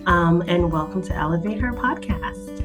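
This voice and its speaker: A woman talking casually on a podcast and telling her own story in an easygoing, chatty way. Her voice sits a little low. She sounds relaxed and conversational throughout. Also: normal speed, music in the background. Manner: relaxed, chatty, light laughs. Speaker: podcast host, HR professional.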